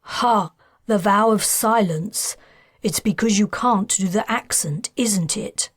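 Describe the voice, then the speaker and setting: Lady reading as a cool bargaining man, clipped and firm, slow and dry. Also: high-pitched, fairly bright tone, breathy edge, no echo, full character voice. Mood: brisk. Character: guarded, bargaining upper-class man.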